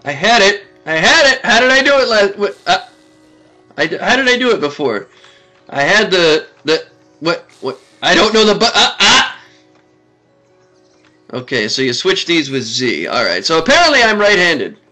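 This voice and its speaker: Male gamer, 30s, high bright voice, animated pitch, faint game music behind. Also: moderate pace. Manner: excitable, talks to the game, frequent laughs and exclamations. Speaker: gaming video host. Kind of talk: let's play commentary.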